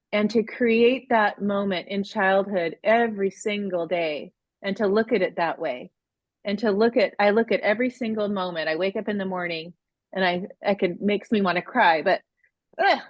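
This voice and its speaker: A woman's voice: medium pitch, dry recording. A woman in her forties co-hosting a parenting course on a video call, talking in a heartfelt, rambling way with many restarts. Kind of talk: emotional casual talk on a live video course. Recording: dull lo-fi sound.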